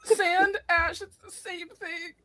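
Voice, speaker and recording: A woman's voice: very high voice, steady tone, takes it slowly, bright, forceful tone. A woman playing in a tabletop game, chatting in a whiny, playfully dramatic way. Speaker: player. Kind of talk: casual chat.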